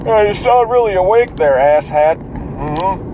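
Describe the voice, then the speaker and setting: A man's voice: sits high, animated, a little slow, poor audio. A drowsy man rambling and swearing casually while driving home at night. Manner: profane, rambling, self-amused. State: drowsy, yawning. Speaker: vlogger musing while driving. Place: in a car, driving. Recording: loud car road noise.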